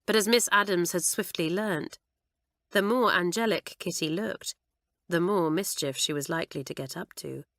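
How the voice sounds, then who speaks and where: A woman reading a children's audiobook aloud in an expressive way, close to the mic. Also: lowish voice, moderate pace, no room sound. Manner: expressive, animated. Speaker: audiobook narrator.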